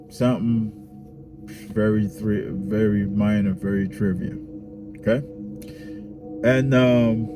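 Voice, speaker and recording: Slow-talking man with music behind. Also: medium pitch. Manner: repetitive, keeps checking in with "all right?" and "huh?". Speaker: self-help video host. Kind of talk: casual spoken talk to viewers.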